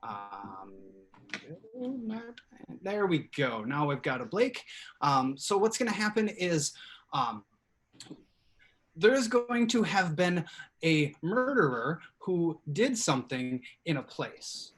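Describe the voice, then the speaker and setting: A man's voice: a little high, big pitch swings, slow pace. A man hosting a live improv comedy show over a video call, chatty and upbeat with lots of fillers. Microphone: home computer mic on video call.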